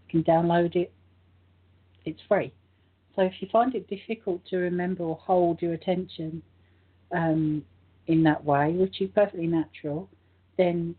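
A woman co-hosting a spiritual talk show, her voice croaky, gently guiding listeners through a meditation. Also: fairly low pitch, steady tone, moderate pace, long pauses. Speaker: co-host. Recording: tinny phone-like line.

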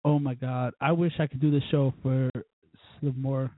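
A man hosting his own show, telling rambling, profane stories in a casual drunken way, with sudden loud bursts. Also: on the high side, fairly even intonation, moderate pace, no echo, narrow, tinny audio. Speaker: podcast host.

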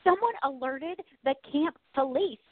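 A high-pitched woman spins a lively faith-based comedy story, laughing as she goes. The sound is tinny and phone-like, with a dry, close feel. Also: a little slow, no room sound. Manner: animated storyteller, laughs often. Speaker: podcast co-host.

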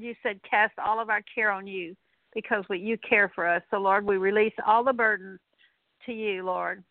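A woman's voice: fairly high pitch, no room sound. A woman minister leading a radio deliverance prayer, speaking earnest, repetitive declarations with occasional fillers. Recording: tinny narrow-band radio sound.

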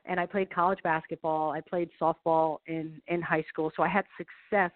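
A woman's voice: deep voice, flat delivery, moderate pace. A middle-aged woman, a golf professional and speaker, talking as an upbeat, motivational radio interview guest. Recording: tinny phone line.

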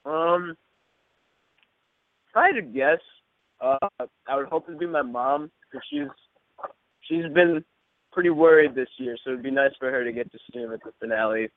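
A man's voice: mid-range voice, lively intonation, normal speed, long pauses, no room sound. Easygoing young man on a phone line. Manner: easygoing, hesitant with ums. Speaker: guest. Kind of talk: casual radio interview. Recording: tinny phone-line audio.

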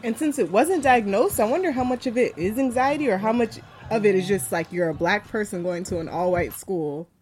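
A woman's voice: mid-range voice, animated, a little fast, hardly any pauses, a little mellow, a little hiss or hum. A woman co-hosting a casual podcast show review, speaking conversationally and often murmuring agreement. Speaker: podcast co-host.

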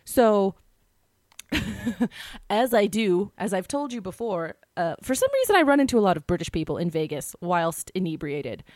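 A woman co-hosting a podcast, telling a story in a quick, animated way and acting out the quotes. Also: medium pitch, dry recording, studio quality. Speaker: podcast co-host. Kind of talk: casual storytelling chat.

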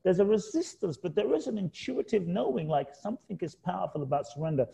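Earnest, mellow-voiced man telling a heartfelt story. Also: sits high, animated, fast, creaky. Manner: earnest, heartfelt, repeats key words for emphasis. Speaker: guest author. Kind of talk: reflective storytelling interview.

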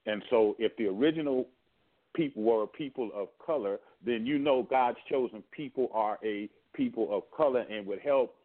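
A man who is a pastor, explaining his point calmly and briefly. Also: medium pitch, moderate pace. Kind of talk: panel discussion. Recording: phone-line sound.

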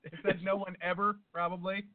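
Male co-host, deadpan absurd riffer, somewhat high voice, phone-quality sound. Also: brisk. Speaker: podcast co-host. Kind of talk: casual comedic banter.

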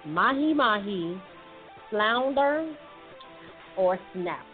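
A woman hosting a casual tips show, chatting loosely with many fillers and restarts. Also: lowish voice. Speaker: host giving health tips. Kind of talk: casual chat. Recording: tinny phone-like audio with faint music.

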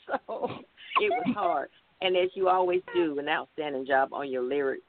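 Slow-talking woman, gravelly voice, affectionate and repeats herself, tinny phone sound. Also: on the low side, sing-song. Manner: affectionate and repetitive. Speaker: co-host. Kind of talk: heartfelt birthday wishes on a chat show.

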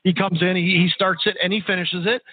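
A man's voice: sits high, steady tone, slightly rough, no echo. A man being interviewed as a company sales executive, talking casually and restarting words often. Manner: rapid, repeats words as he restarts. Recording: tinny phone-like radio audio.

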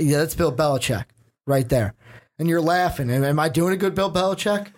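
An eager male podcast host who rambles through sports talk with plenty of jokes. His voice sits a little high for a man. The chat stays loose and casual. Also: fairly quick.

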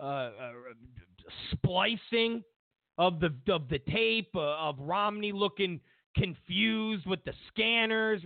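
A man hosts a political commentary show in a gravelly voice that sits high, heard through a dry, tinny, phone-like recording. He's mocking and sarcastic, repeating lines for emphasis.

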